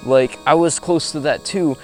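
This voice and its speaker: A man's voice: a little high, moderate pace. Young man, vlogger, casual storytelling, swears a lot, outdoors, camera mic, faint music under. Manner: profane, animated storyteller with frequent fillers. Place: outdoors in a rural spot with insects.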